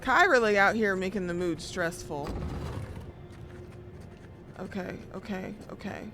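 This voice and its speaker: A woman streaming gameplay, reacting excitably, swearing often and talking to herself and the screen. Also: medium pitch, a little slow, noisy background. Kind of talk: live gameplay commentary.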